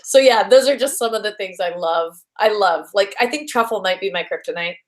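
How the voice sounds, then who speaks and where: A woman's voice: medium pitch, a little fast. A young adult woman, a voice actress guest, chatting in an interview in a bubbly, gushing way with lots of fillers and restarts. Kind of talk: casual interview chat.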